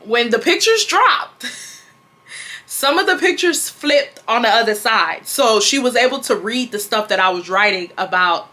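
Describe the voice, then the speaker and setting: Bright-voiced young woman telling a storytime. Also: fairly high pitch, a little slow. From Houston, Texas. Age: 20s. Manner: animated, slangy, talks to viewers. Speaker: vlogger. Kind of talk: casual storytime.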